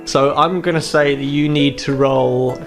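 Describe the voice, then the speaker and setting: A man narrating a tabletop game as game master, relaxed and descriptive. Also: fairly high pitch, a little slow, over music.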